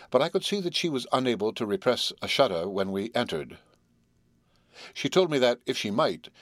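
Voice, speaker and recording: A man of medium pitch reads a classic novel as an audiobook, his scripted narration measured and even like a storyteller's. The studio-quality recording has no echo.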